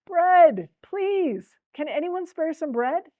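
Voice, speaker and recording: A woman voicing a freezing old beggar man who cries out loudly for bread. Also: very high voice, very animated, slow pace, dry recording, narrow, tinny audio, voice pushed up, heavily acted. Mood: pleading. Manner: loud desperate pleading cries.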